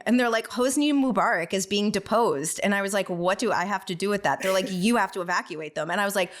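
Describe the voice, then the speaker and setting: A woman hosts a podcast and tells stories briskly, bluntly and with self-mocking humor. Her voice sits at a middle pitch for a woman. She keeps a casual, conversational tone. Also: animated. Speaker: podcast host.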